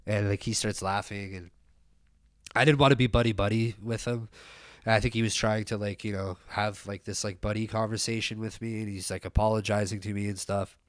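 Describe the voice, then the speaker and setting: Rambling, swearing low-voiced man. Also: steady tone, a little fast, no echo, clean studio sound. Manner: rambling, profane, full of fillers and restarts. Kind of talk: casual rambling storytelling.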